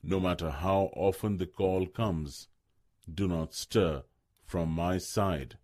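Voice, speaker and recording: A man's voice: sits low, slow, a little mellow, pitched below the performer's own voice. A man voicing a wise, stern old male stag in a read-aloud story, grave and commanding.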